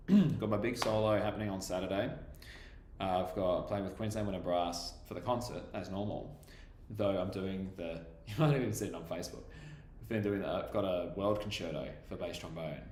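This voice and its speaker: Here's a young guy chatting on his live stream, laughing easily and reading out comments from viewers. His voice sits on the low side, and it rings around an echoey room with a faint hiss of noise behind him. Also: a little mellow. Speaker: livestreaming bass trombonist.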